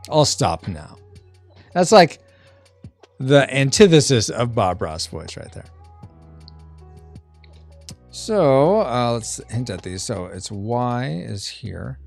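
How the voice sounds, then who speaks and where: A man hosting a casual art live stream, thinking out loud as he works, reading chat messages and making playful sound effects. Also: medium pitch, big pitch swings, slow, gravelly, pauses often, faint music behind. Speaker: streamer and podcast host.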